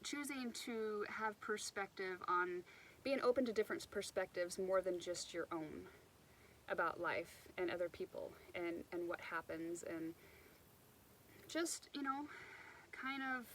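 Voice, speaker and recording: A woman's voice: on the low side, a little slow, a bit bright, slight background noise, rough recording. A woman giving an unscripted motivational talk outdoors by the water, rambling a little and restarting her sentences as she goes. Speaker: self-help speaker.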